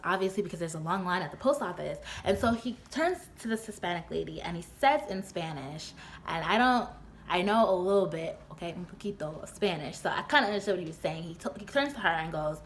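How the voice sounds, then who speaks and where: A woman's voice: animated, brisk, a little hiss or hum. Chatty young woman vlogger. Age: young adult. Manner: chatty, filler-heavy, often laughing; voice leaps high when quoting her own exasperation. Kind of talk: storytime retelling.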